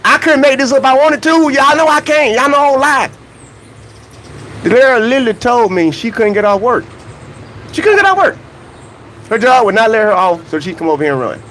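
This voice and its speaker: A man's voice: very high voice, a little fast, a bit bright, slight background noise, low-quality recording. A man hosting a casual livestream vlog about track and field, greeting chat viewers by name and talking in loose slang. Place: outdoors near a hotel, humid weather.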